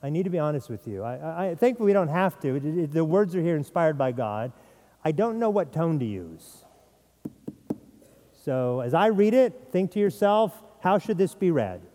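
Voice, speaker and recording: High-voiced pastor preaching in a hall. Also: male voice, very animated, moderate pace, warm tone. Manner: earnest, repeats words when stressing a point. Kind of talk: sermon.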